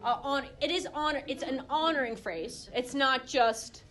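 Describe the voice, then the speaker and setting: A young woman with a slightly high voice leads a relaxed Bible study at a moderate pace. Chatty and animated, she's full of fillers and restarts and acts out the quotes as she goes.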